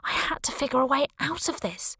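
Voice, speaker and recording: A woman reading a first-person audiobook thriller in a lively, wry, dramatic way. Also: high-pitched, brisk, no echo, studio quality. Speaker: audiobook narrator.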